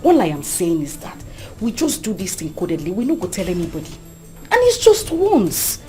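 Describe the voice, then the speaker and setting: A woman playing a smooth-talking Nigerian student. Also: on the low side, huge pitch swings, normal speed, mellow, soft background music. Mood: persuasive. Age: young adult. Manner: coaxing, persuasive, mixes Pidgin. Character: scheming young female student, smooth-talking, pragmatic. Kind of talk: Nollywood-style skit acting.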